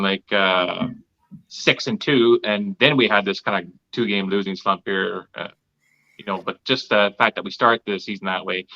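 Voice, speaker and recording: A man's voice: lowish voice, sharp tone, dull audio. A man co-hosting a casual sports podcast, a chatty and opinionated fan. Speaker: podcast co-host.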